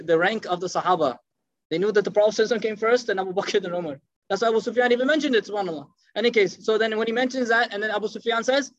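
Fast-talking high-voiced man preaching. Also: dry recording. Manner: animated, acts out quoted speech, mixes Arabic phrases. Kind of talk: storytelling sermon. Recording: dull, dry lo-fi sound.

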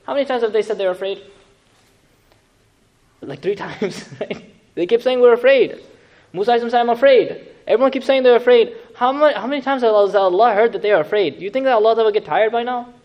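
A man teaching a Quran lesson in a lively, conversational way, asking the audience questions and making joking asides. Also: very high-pitched, fast, muffled recording. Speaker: Islamic teacher.

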